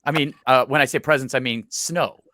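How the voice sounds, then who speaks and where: A man joking around as a panelist on a comedy game show, excitable and prone to loud squeals. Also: mid-range voice, fairly quick, dry recording, studio quality. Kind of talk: joking banter. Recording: noisy livestream audio.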